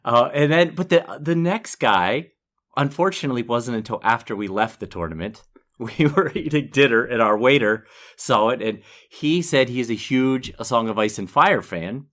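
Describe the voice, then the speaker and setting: A middle-aged man co-hosting a podcast tells a story about himself in loose, casual chat. He pokes fun at himself and breaks into laughter often. His voice sits at an ordinary middle pitch. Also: animated, moderate pace, a bit bright. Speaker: podcast co-host.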